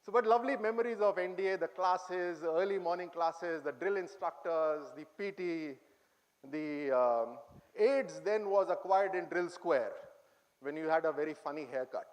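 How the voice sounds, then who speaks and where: A middle-aged man with an Indian English accent and a fairly high pitch speaks as a guest to cadets in an auditorium. His anecdotal talk is humorous and full of memories, and he quizzes his listeners along the way.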